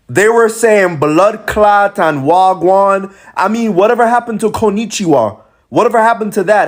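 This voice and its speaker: A man giving casual commentary in a playful, amused way. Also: fairly high pitch.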